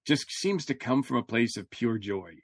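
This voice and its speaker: Halting male podcast co-host, dry sound. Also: medium pitch, animated, no room sound. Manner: halting, many fillers and restarts. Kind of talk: casual chat.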